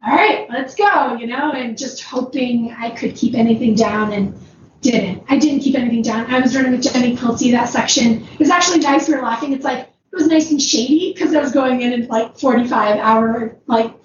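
High-pitched woman chatting away, lots of likes and laughs, kinda far off in an echoey room with a dull noisy background. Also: a little fast. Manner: rambling, many "like"s, laughs often. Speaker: ultrarunner guest. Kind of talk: casual storytelling.

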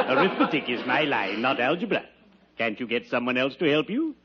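A sly, smooth-talking undertaker in a vintage radio comedy, oily and solemn while slipping in jokes. The voice sits at an ordinary pitch. It comes through a dull, hissy old broadcast. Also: male voice. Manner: smooth, unctuous, mournful puns. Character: Digby Odell, sly friendly undertaker. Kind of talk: 1940s radio comedy acting.

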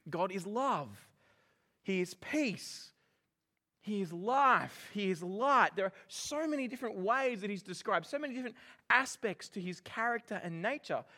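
Brief: New man preaching, high pitch, animated delivery with quick jokes. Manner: animated and joking, with lively emphasis. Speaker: pastor. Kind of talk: sermon.

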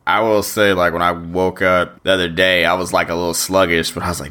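A male co-host with a very low voice and a bright, forceful tone. He chats in a laid-back way, peppering his talk with fillers and soft laughs. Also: level tone, a little fast, hardly any pauses. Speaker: podcast co-host. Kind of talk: casual chat.

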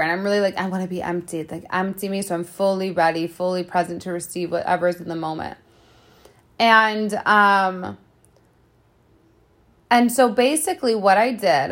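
A woman talks through a loose spiritual monologue as a podcast host. She rambles with emphatic repetition and leans on filler words, and her voice sits at an ordinary middle pitch. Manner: rambling and emphatic, heavy on "like" and repeated phrases.

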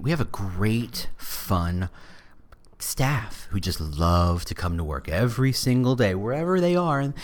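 A man playing an overeager male recruiter who gives a slow, deep, salesy hard sell for a job.

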